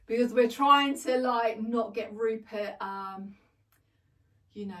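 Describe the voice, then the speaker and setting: A middle-aged woman with a medium-pitched, slightly bright voice speaks slowly, recorded from a distance. In her casual home try-on haul as a fashion vlogger, she's chatty and effusive, laughing frequently and teasing herself.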